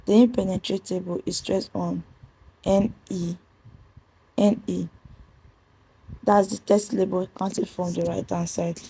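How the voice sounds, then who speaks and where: A woman teaches a pronunciation lesson, spelling out letters and repeating each rule slowly. Her voice is very husky and gravelly with a dark, mellow tone. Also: lowish voice, level tone, low-quality recording. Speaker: English teacher.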